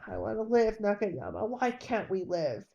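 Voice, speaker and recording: A woman's voice: mid-range voice, very animated, normal speed, vocal fry, dark tone, muffled recording, a little hiss or hum. Woman voicing a doomed young pilot. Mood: bitter, tender. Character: young male pilot, frightened then bitter.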